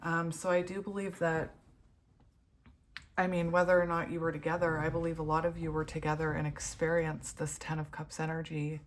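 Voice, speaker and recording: A woman's voice: low voice, level tone, normal speed, slight background noise. A woman giving a casual tarot reading at home, giggly and gushing, laughing often and turning emotional. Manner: emotional, heartfelt. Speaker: tarot reader.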